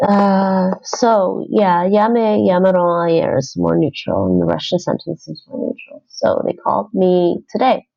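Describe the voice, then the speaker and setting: Slow gravelly woman thinking aloud. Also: fairly low pitch, fairly even intonation, dull audio. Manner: thinks aloud, chatty, self-correcting. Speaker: language-learning streamer. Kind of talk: casual livestream commentary while doing app lessons.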